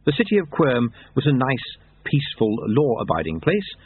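A man reading a story aloud in a dry, measured narration, over tinny narrowband audio. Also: medium pitch, huge pitch swings, slightly rough.

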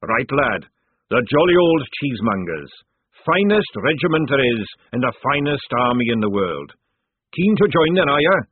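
Man doing a booming, hearty army sergeant. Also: big pitch swings, moderate pace, husky, dry recording. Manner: booming, wheedling sales patter. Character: jovial burly older male army recruiting sergeant. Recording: tinny phone-like dry sound.

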